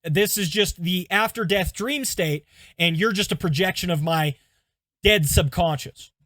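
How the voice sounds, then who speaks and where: A man's voice: sits high, measured pace, a bit bright, dry recording. A man voicing a stubborn patient who insists he is dead, in an earnest, insistent way.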